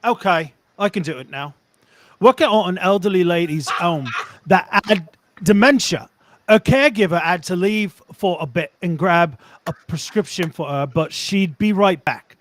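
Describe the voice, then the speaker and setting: A man with a high, slightly bright voice reads a forum post aloud in a storytelling mood, with lively intonation and a moderate pace. He plays a working-class heating tradesman, putting on a Cockney accent and dropping in phrases like "me van" for a dramatic reading. There's a little background noise.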